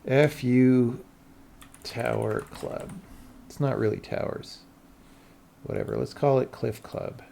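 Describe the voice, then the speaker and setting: A man narrating his own work on a livestream, thinking aloud in a loose, muttering way. He talks slowly and drawls through pauses, with a voice of ordinary pitch. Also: steady tone, gravelly, warm tone, a little hiss or hum. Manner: slow, thinking aloud, mumbling asides. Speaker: game developer streamer. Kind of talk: casual livestream commentary while working.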